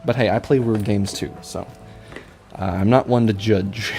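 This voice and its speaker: A man's voice: lowish voice, fairly even intonation, a little slow, gravelly, a little mellow, faint music behind. A young man chatting casually on a drawing stream, rambling and stammering, joking at his own expense. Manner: rambling, self-mocking, stammers with repeated I's. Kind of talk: casual live-stream chat while drawing.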